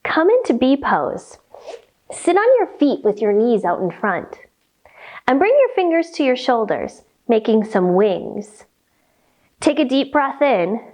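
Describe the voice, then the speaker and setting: A woman leading a children's storytime with yoga instruction, reading aloud in a playful, expressive way. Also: a little high. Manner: animated, playful, slow and expressive.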